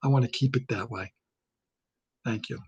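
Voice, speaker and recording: Recorded on a webcam and sounding muffled, a man with a husky, darkish mid-range voice rants at a moderate pace. It's a satirical political tirade, full of indignation and heat, and he circles back over the same points like a comic ranter.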